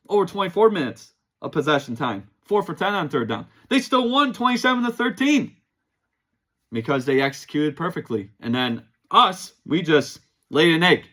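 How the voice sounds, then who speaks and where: A man's voice: mid-range voice, pushed and bright. A young man hosting a casual sports show, firing off exasperated rhetorical questions as he breaks down a loss. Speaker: sports podcast host.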